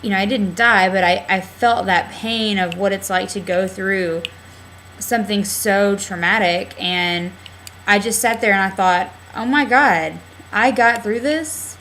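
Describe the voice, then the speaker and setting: A woman's voice: mid-range voice, steady tone, unhurried, a bit bright, a little hiss or hum, poor audio. A young adult woman talking candidly in a casual video diary on a webcam, rambling with lots of fillers. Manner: rambling, candid, heavy use of "like" and "um". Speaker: vlogger.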